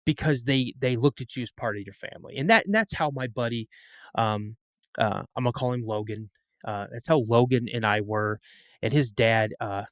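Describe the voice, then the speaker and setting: There's no room sound as this middle-aged podcast guest spins a story during an interview. He speaks in a mid-range voice, wandering through the tale and often restarting or repeating what he says.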